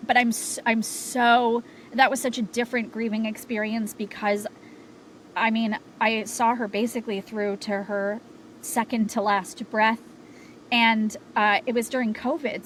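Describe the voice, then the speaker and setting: A woman's voice: fairly high pitch, slight background noise, poor audio. A young adult woman, a podcast guest, telling a personal story candidly from a home sound booth, with many fillers and restarts.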